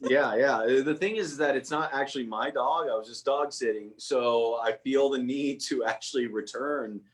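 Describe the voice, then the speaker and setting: Brief: male guest on a video call, deadpan jokes, rambling. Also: medium pitch, normal speed. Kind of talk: casual video-call chat.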